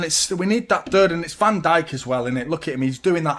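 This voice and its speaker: A man hosting a live football watchalong, reacting loudly as a fan, swearing, joking and talking to viewers. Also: a little high, brisk, hardly any pauses. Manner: excitable, swearing, jokey fan banter, chatting to viewers. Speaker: watchalong host.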